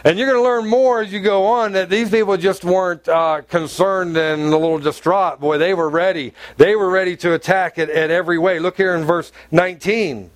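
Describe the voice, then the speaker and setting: A man preaching a sermon as pastor, animated and storytelling, laughing often. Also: sits high, fairly quick, hardly any pauses, dry recording.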